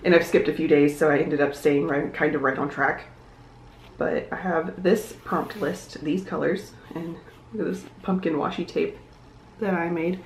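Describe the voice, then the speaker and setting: A young woman talks through her day in a relaxed, upbeat vlog, thinking aloud as she goes. Her voice sits a little low. The room adds a noticeable echo, with a faint hiss underneath. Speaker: vlogger. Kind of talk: casual vlog chat. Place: home room. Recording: echoey room, faint noise.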